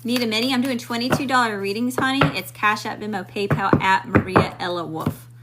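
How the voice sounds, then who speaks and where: The recording is very noisy as a tarot reader speaks briskly at a medium pitch on her live stream. Drawing cards, she talks to spirit, chats loosely, and greets people in the chat.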